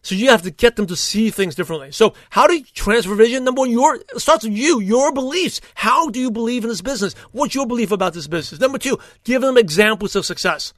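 A man hosting a solo podcast, talking in an upbeat, rambling way with quick asides and restarts. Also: very high-pitched, animated, dry recording, clean studio sound. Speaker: podcast host. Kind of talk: solo motivational podcast talk.

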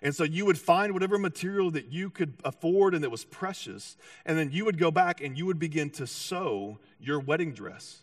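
A man preaching a sermon with animated storytelling, acting out voices and often restarting his sentences. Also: a little high, normal speed, few pauses, no room sound, studio quality, far from the mic. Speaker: pastor.

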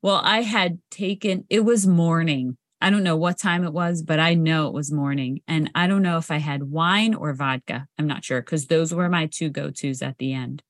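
A woman's voice: sits low, fairly even intonation, normal speed, hardly any pauses, no room sound, studio quality. A woman co-hosting a podcast, telling frank, blunt stories in casual chat. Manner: frank, blunt storyteller who swears. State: sober. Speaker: podcast co-host.

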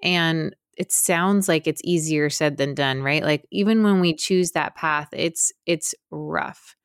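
A woman's voice: low-pitched, slow pace, clear, resonant tone, no echo, studio quality. A woman podcast host asking a guest questions, relating it to her own journey with loose, rambling phrasing. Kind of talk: interview questions.

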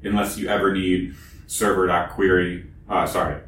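A man's voice: low-pitched, flat delivery, moderate pace, fairly bright tone. A man in a casual technical chat who thinks aloud and restarts his sentences mid-thought. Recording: echoey room, distant mic, background noise.

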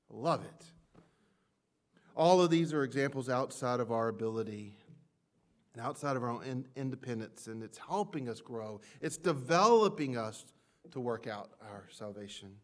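A pastor with a medium-pitched voice preaches to a congregation, hitting key words hard and swinging from loud peaks to near-whispers. He voices his listeners' doubts as quoted prayers.

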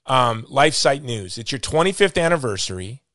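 A man's voice: medium pitch, big pitch swings, normal speed, a bit bright, dry recording, clean studio sound. A man hosting an interview, chatty and full of joking asides and stories. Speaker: host. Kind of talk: casual interview chat.

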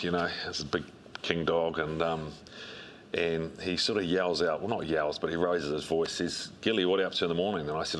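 A middle-aged man, a coach telling relaxed anecdotes in an interview, with plenty of ums and restarts. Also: low voice, a little hiss or hum. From New Zealand. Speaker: strength and conditioning coach, guest. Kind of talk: interview storytelling.

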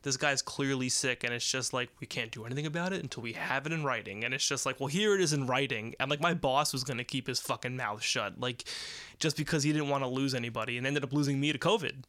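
Brief: young American guy, podcast host, crude rambling storyteller, bright tense voice, dry close sound. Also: mid-range voice, fast talker, dry recording. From United States. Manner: rambling, profane, animated. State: sick with covid. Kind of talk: casual storytelling monologue.

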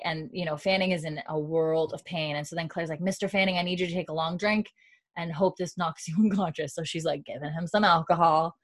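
With a lowish voice and a brisk delivery, a woman hosting a casual podcast recaps a show. She tells it animatedly, retelling scenes and voicing the characters' lines herself.

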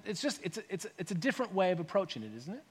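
Racing and husky, his high, sing-song voice echoes with a long reverb tail as he preaches. The pastor keeps it conversational, throwing out rhetorical questions and acting out voices.

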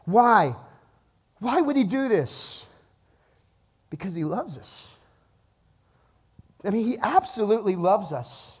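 A pastor in his thirties preaching to his church, telling a lively story and then dropping to a hushed, earnest tone. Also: high-pitched, takes it slowly, long pauses, slightly rough. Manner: animated storytelling, swings from loud to hushed. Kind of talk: sermon. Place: church auditorium.

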